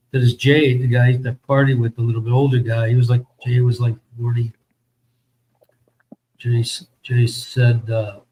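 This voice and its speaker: A man's voice: mid-range voice, a little mellow, a little hiss or hum, poor audio. Rambling, profane American man telling stories. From United States. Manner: rambling, profane, many fillers. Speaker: host. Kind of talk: casual storytelling chat.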